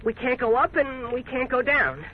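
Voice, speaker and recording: A man's voice: very high-pitched, very animated, moderate pace, a little hiss or hum. A jittery young man. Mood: nervous. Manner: jittery, stammering, blunt. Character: nervous young man, easily scared and skeptical. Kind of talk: old-time radio drama acting. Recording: tinny narrow old radio recording.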